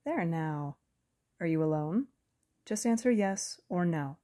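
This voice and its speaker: A woman voicing a calm, calculating female hunter with a soft, pleasant alto, speaking quickly in a light, friendly, amused way. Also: lowish voice. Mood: calmly menacing. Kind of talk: audiobook character reading.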